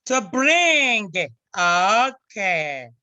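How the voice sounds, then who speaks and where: A woman's voice: mid-range voice, sing-song, extremely slow, sharp tone, muffled recording. A woman teaching a language class over a video call, patiently repeating phrases for her students to copy. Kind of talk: online class instruction.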